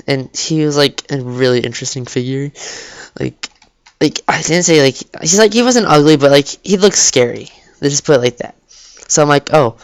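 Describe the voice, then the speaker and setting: A teenage vlogger tells a casual story from his cold bedroom, rambling and halting with lots of "like" and false starts. His voice is smooth, clear and mid-pitched. The recording is dry and close.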